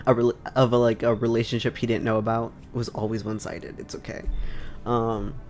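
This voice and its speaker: A man's voice: mid-range voice, flat delivery, fairly quick, a little mellow, faint music behind. Jokey man commenting on gameplay. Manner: jokey, laughs often. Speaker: gaming streamer.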